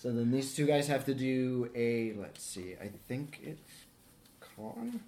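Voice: mid-range voice, big pitch swings, slow pace, dark tone. A player in a tabletop game who talks casually and methodically counts out steps and dice aloud.

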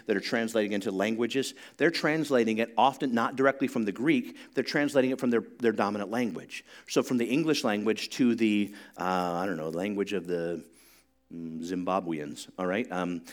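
A pastor preaching to his congregation, moving from conversational teaching into loud, rising emphasis and leading call-and-response. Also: fairly low pitch. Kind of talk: sermon.

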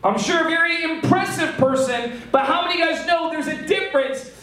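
A man preaching to his congregation with lively, joking delivery, often acting out the lines of the people in his story. His voice sits very high for a man and rings through a large echoey hall, caught from some distance off the mic. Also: a little fast. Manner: animated, joking, acts out quotes. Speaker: pastor. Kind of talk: sermon.

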